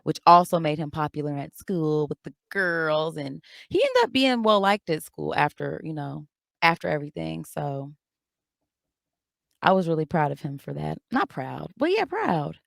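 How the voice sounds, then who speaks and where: A woman co-hosting a podcast in casual book chat, blunt and slangy, swearing freely with quick comebacks. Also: deep voice, expressive, gravelly, dry recording, studio quality. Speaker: podcast co-host.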